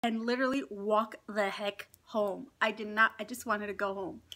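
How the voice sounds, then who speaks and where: A middle-aged woman vlogger telling a story in casual chat, animated and laughing often as she acts out what people said. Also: medium pitch, moderate pace. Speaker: mukbang vlogger.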